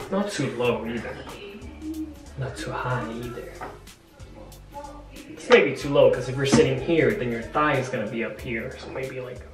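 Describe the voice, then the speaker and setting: A man chatting offhand in a home vlog, relaxed as he works through chores. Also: medium pitch. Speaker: vlogger. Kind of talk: casual vlog chat.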